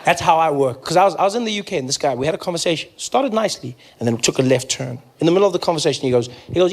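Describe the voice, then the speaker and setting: A South African man telling stories on stage in a stand-up set, jumping into loud, high voices whenever he quotes someone. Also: racing, few pauses. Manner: animated storytelling, jumps into high shouted voices for quoted people. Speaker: stand-up comedian.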